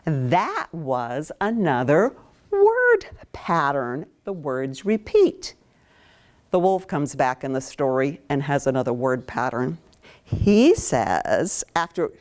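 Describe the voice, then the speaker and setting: A woman's voice: deep voice, sing-song, takes it slowly, darkish tone. A woman from Maine, a children's author, giving an interactive lesson to young children and coaxing the class to join in. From Maine, USA.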